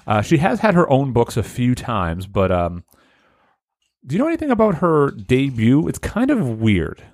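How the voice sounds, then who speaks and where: Lively joking podcast host, dry sound. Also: male voice, medium pitch, no echo. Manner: animated, joking, halting with many fillers. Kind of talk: casual comedy podcast chat.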